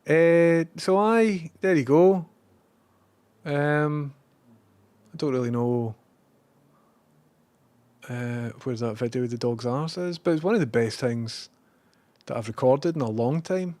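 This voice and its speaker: A Scottish man chatting casually on a live stream. He rambles, swears freely and now and then bursts out loudly. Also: mid-range voice, a little slow, pauses often, no room sound. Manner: rambling and profane, with bursts of loud excitement.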